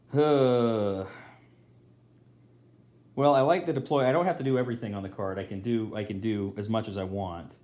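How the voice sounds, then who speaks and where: A man's voice: mid-range voice, warm tone. A man hosting a live board game playthrough, thinking aloud casually and correcting himself as he goes. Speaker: host. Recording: roomy echo.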